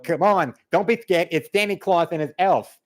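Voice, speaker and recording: A man's voice: high voice, moderate pace, pitched above the performer's own voice, lightly acted. A man voicing a bumbling male burglar dressed as Santa, coaxing and then panicking. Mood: wheedling. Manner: wheedling then panicky, shouting orders.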